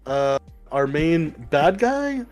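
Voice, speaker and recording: A man co-hosting a casual podcast, talking through a comic book review in a rambling, excited way and swearing casually. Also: a little high, slow pace, faint music behind. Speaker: podcast co-host.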